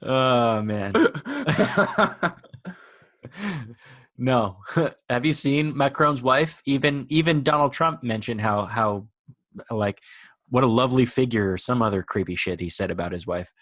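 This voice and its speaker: A man's voice: medium pitch, expressive, takes it slowly, pauses often, fairly bright tone, no echo, studio quality. A young man co-hosting a podcast, rambling and argumentative, with lots of filler words. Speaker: podcast co-host. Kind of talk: casual chat.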